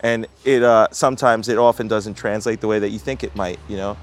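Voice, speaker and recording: A man's voice: fairly low pitch, fairly even intonation, brisk. A young man, a pizzeria owner telling a story in casual chat, profane and often laughing.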